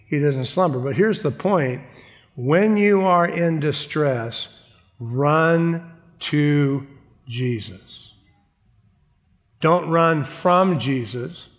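A man's voice: on the high side, in a large hall. A male pastor preaching a sermon in an emphatic, conversational way.

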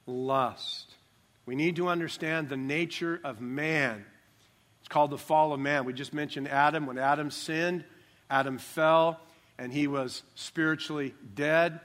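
A man's voice: a little high, a bit bright. An older man preaching a sermon as pastor, emphatic and joking, stressing key words.

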